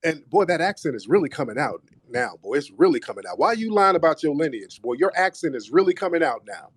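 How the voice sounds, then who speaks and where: A man's voice: on the high side, very animated, fast talker, no echo. Mocking male talk host, dry close sound. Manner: confrontational, mocking, repeats "brother". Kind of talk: live audio room debate.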